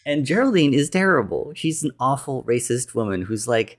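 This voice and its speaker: In a sing-song, mid-range voice at normal speed with few pauses, a man rambles through a film's plot. He leans on "like" and restarts constantly and acts out the characters' quotes.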